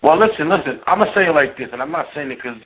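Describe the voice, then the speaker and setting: A man's voice: fairly high pitch, lively intonation, racing, fairly bright tone, breathy edge, low-quality recording. A man giving blunt, insistent opinions in a casual panel chat, often asking "you understand?". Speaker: battle rap commentator.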